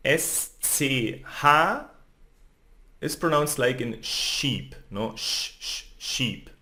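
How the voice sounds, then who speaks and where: Slow-paced man teaching, lively intonation. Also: medium pitch. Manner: often ends phrases with a questioning "no?" or "okay?"; sounds out letters and sounds one by one. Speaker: language teacher. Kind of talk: slow explanatory lesson.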